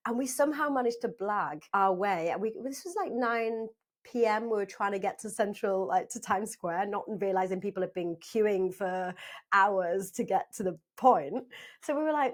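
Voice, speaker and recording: Lively South African-born woman storyteller. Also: mid-range voice, normal speed. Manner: lively storyteller, laughs often, acts out quotes. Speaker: guest. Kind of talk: casual interview chat.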